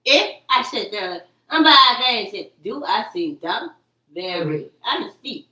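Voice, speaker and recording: A woman's voice: on the high side, expressive, a little slow, pushed and bright. A woman talking in a rambling, agitated monologue, repeating herself, cursing and quoting her own words back. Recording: echoey room, far from the mic.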